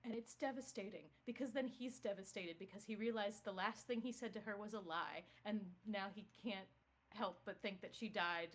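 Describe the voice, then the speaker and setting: A woman chatting casually on a game stream, rambling along with plenty of "like" and "um." Her pitch sits in a middle range, and she speaks into a streaming microphone. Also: normal speed. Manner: rambling, filler-heavy storytelling. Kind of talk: casual chat.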